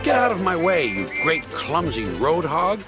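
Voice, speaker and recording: A man voicing a proud, easily annoyed male steam engine from a storybook tale, sharp and cross. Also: on the high side, big pitch swings, a little slow, pitched above the performer's own voice. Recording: loud music behind.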